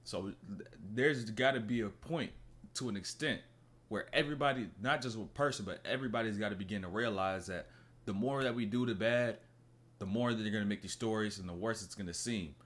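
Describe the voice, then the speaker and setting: A man's voice: on the low side, brisk, fairly bright tone. A man reacting to a podcast clip in a casual, thoughtful, rambling way, his voice dropping off at the ends of his thoughts. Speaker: reaction video host.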